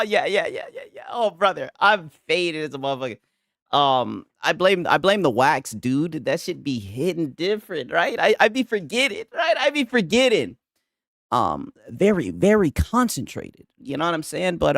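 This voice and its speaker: Lively, profane young man ranting. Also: on the high side, no echo, clean studio sound. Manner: profane, rambling, tags "right?" constantly. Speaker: streamer. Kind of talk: casual ranting commentary.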